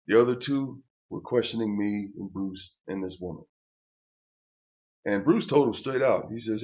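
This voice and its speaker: A man's voice: lowish voice, normal speed, darkish tone. An older man telling a personal story to camera in a rambling, profane rant full of restarts. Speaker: channel host. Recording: dull lo-fi recording.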